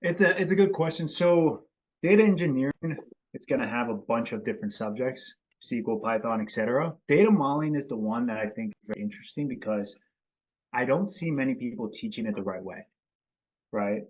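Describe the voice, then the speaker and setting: A man's voice: mid-range voice, fairly quick. Easygoing man hosting a live stream. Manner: easygoing, greets viewers by name. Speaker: host and company CEO. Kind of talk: casual live-stream teaching. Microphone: video call. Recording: slightly dull video-call audio.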